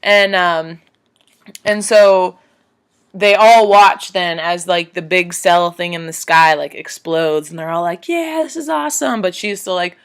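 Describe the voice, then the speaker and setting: A woman gushing through a movie recap in loose, rambling talk, filled with "like" and "um". Her voice is bright and forward, and it leaps up sharply whenever the story gets to her. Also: clean tone. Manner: rambling, animated, many fillers, voice jumps high when emotional. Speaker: vlogger retelling a movie. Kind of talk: casual excited movie recap.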